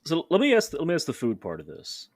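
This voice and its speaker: A man's voice: a little high, wildly swooping pitch, fast, no room sound. A young adult man hosting a podcast, telling candid, self-deprecating stories in casual chat. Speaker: podcast host.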